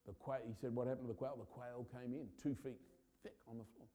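A man, a pastor, preaching a sermon with impassioned urgency that builds to loud peaks. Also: mid-range voice, fairly even intonation, a little fast.

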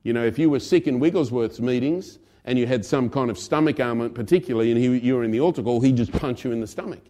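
A male pastor preaching a sermon in a conversational way, swinging between loud emphasis and quiet asides. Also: mid-range voice, fast, few pauses.

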